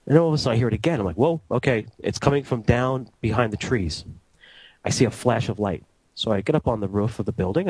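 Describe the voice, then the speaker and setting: A man telling stories from his years as a radio transmitter engineer. He is casual and animated and acts out each exchange in the story. His voice sits at an ordinary middle pitch and sounds dry and close to the mic. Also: no room sound, poor audio. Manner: animated anecdote teller, acting out dialogue.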